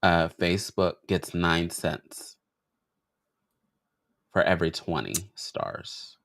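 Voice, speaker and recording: A woman's voice: very deep voice, slow pace. A woman co-hosting a podcast, talking in a hesitant, unsure way with many fillers. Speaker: co-host. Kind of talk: casual chat.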